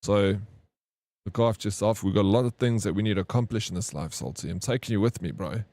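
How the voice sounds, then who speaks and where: A man in his 30s chats casually with live stream viewers, rambling through slang-filled stories and saying "bro" often. His voice is fairly low and darkish, moving quickly, with no echo.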